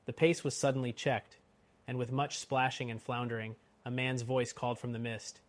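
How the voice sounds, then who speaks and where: A man narrating a classic novel in a steady, expressive audiobook reading. His voice sits at a middle pitch. The recording is dry and close. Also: normal speed, no echo. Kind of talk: scripted narration.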